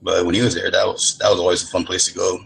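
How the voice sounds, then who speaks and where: Talking fast in a low, level voice with vocal fry and a slightly bright edge, this middle-aged man comes through a rough recording. He's a participant in a casual lobby chat, wandering through stories laced with heavy swearing.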